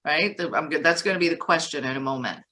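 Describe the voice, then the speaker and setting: A woman co-hosting a casual chat, telling stories in a lively, animated way. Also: low voice, quick pace. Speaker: co-founder and co-host.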